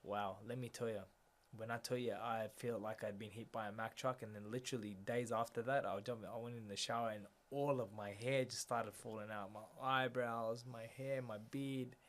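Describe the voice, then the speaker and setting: Earnest man, flat delivery. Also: medium pitch, moderate pace, few pauses. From Australia. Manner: earnest, retells scenes by quoting dialogue, many fillers. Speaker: interview guest, boxer. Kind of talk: personal storytelling in an interview.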